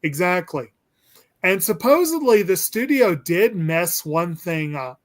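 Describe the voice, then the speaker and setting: A man's voice: sits high, lively intonation, takes it slowly. A man hosting a casual movie discussion, rambling and hesitant with lots of ums and restarts. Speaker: podcast host.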